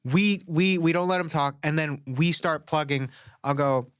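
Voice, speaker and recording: A man's voice: on the high side, moderate pace, fairly bright tone, clear, resonant tone, no echo, studio quality. A young man co-hosting a podcast, joking loosely and swearing in casual banter. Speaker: podcast co-host. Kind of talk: casual comedic chat.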